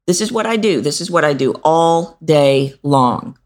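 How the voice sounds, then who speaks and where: A middle-aged woman with a low, deep speaking voice coaches listeners on a podcast. She is animated and demonstrative, often leaping up in pitch to stress a word before settling back down. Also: measured pace. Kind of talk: instructional podcast talk.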